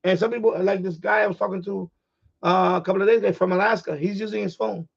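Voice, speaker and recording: Gravelly high-voiced man ranting on a stream. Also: steady tone, fast talker, highs cut off. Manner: rambling, repeats himself, heated. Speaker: live stream host and ham radio operator. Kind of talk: casual live stream monologue.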